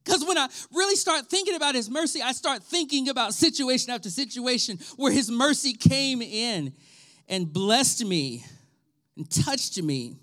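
A pastor in his thirties preaches a sermon in a high, bright, forceful voice. He is animated and emphatic, breaks into laughter, and speaks straight to the congregation. His delivery swings from quick asides to slow, stretched-out scripture lines. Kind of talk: livestreamed sermon.

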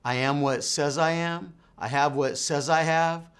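A man with a Texan accent, a minister telling an emotional personal testimony in an earnest storytelling way, dropping to a hushed voice when quoting dialogue. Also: fairly high pitch, fairly even intonation, moderate pace, smooth.

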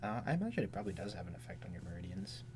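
A woman therapist as a podcast guest, talking in a relaxed, hesitant way with many fillers. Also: very deep voice, very fast, slight background noise. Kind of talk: casual chat.

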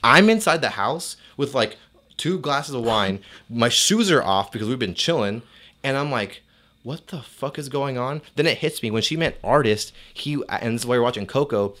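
A man's voice: medium pitch, lively intonation, moderate pace, a bit bright. A young man telling a long story in casual, profane chat, with many "like"s and quoted dialogue. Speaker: storyteller guest.

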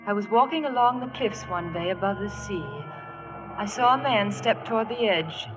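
A woman's voice: mid-range voice, normal speed, music in the background, close to an everyday voice. A woman playing a timid, stammering young woman. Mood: wistful. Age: young adult. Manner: stammering, breathless and hesitant. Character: shy, poor young woman, nervous and timid. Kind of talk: 1940s radio drama acting. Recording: dull old radio recording.

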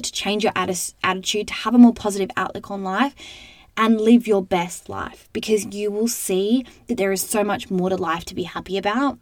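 A woman's voice: mid-range voice, no room sound. A young woman hosting a podcast, talking in a chatty, upbeat, motivational way. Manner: chatty and upbeat, full of "like" and "you know". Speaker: podcast host. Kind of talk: casual motivational podcast monologue.

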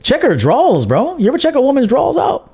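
A man's voice: very high voice, wildly swooping pitch, fast, gravelly, darkish tone, breathy edge. A man hosting a livestream dating-advice show in a brash, profane, joking manner, reading out viewer donations. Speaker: podcast host and dating coach. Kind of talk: casual livestream monologue.

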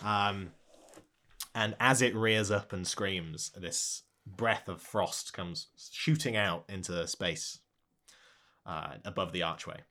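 A man narrating a tabletop game as game master, slow and lively. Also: low voice.

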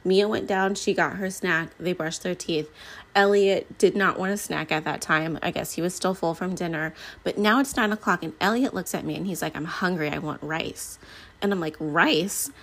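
Chatty woman with a husky low voice. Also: a little fast. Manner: chatty, animated storytelling with quoted asides. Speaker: podcast host. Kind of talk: casual solo podcast chat.

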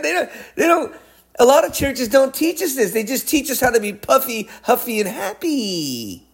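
A man preaching a sermon, emphatic, swinging between high excited lines and low hushed ones.

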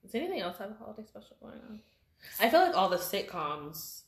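A woman's voice: medium pitch, big pitch swings, quick pace. A woman co-hosting a casual chat, teasing and sarcastic, laughing often. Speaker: podcast co-host. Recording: echoey room.

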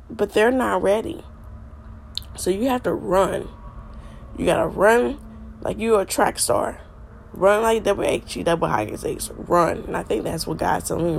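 A woman's voice: medium pitch, creaky. A middle-aged woman hosting a faith podcast, stuffy and congested from a cold, earnestly repeating her points like a preacher. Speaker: podcast host.

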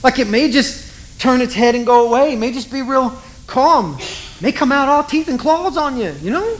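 A man's voice: extremely high pitch, lively intonation, moderate pace, fairly bright tone, low-quality recording. A man preaching a sermon in a loose, conversational storytelling way, full of asides to the audience. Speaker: pastor.

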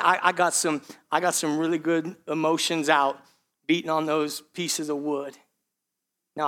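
Male pastor, high-pitched, emphatic sermon delivery with loud and hushed swings.

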